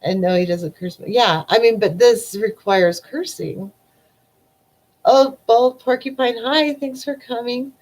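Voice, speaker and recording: Slow, rambling woman live-streaming. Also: on the high side, a little mellow, low-quality recording. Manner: rambling, emotional, trails off with repeated "I don't know". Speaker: livestream host. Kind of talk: live stream chat reading comments.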